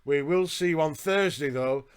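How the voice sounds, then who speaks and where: A man's voice: fairly high pitch, moderate pace, clean tone. A middle-aged man with a Yorkshire accent co-hosting a casual podcast in a jokey, teasing way. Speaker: podcast co-host. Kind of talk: casual live podcast chat.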